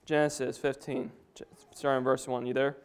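A man's voice: mid-range voice, little pitch movement, brisk, clean tone. A young man giving an informal Bible talk to his family, a little nervous, with casual asides and chuckles. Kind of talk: informal sermon.

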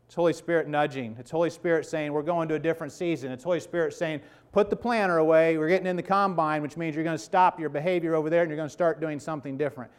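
A man's voice: a little high, steady tone, fast talker, hardly any pauses, clear, resonant tone. A man in his fifties preaching a sermon to his congregation, conversational and emphatic, checking in with "okay?" and "right?" asides. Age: 50s. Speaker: pastor.

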